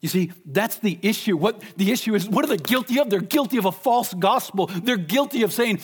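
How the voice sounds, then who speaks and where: A man preaching a sermon emphatically, asking rhetorical questions and slowing down to stress key points. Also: sits high, lively intonation, breathy edge.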